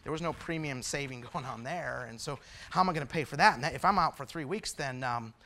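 Guy preaching his testimony, bright ringing voice, goes soft then really fired up. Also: medium pitch, fast talker. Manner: quiet and confessional, building to loud fervent preaching. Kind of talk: sermon testimony.

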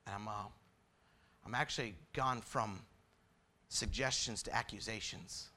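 A man preaching a testimony sermon, quiet and confessional at times, building to loud, fervent preaching. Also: fairly low pitch, unhurried.

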